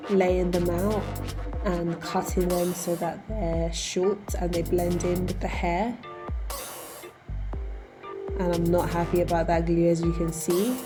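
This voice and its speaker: A young woman, calmly narrating her hair tutorial step by step. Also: fairly low pitch. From United Kingdom. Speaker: vlogger. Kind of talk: voice-over tutorial.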